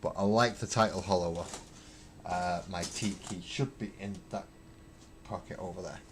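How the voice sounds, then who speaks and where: Man, deep voice, rambling livestream chat, webcam at home, faint room hiss. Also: moderate pace, pauses often. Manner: rambling, wry, thinks aloud with fillers. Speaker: livestreaming miniature painter. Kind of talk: casual livestream chat, answering viewer comments.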